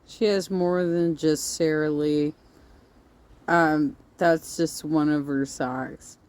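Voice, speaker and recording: Woman co-host, deep and unhurried, dry sarcasm. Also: steady tone, darkish tone, smooth.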